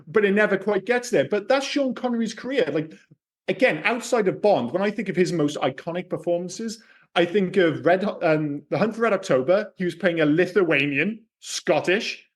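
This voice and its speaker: A man co-hosting a casual film podcast, talking in an animated, opinionated way and swearing freely. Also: sits high, normal speed. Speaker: podcast co-host.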